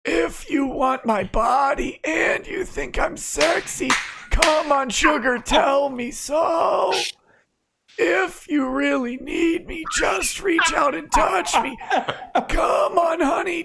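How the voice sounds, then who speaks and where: Comic falsetto singer, shrill and shouted. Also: male voice, slow, gravelly, a little hiss or hum, exaggerated voice. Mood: shrill mocking. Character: man singing a pop song in a high mocking voice. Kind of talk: comic sung impression.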